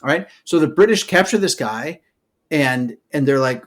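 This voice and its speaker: A man co-hosting a podcast, telling history as a loose, animated story, full of "okay" and "all right" asides. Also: medium pitch, fast talker. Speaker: podcast co-host. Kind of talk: casual storytelling chat.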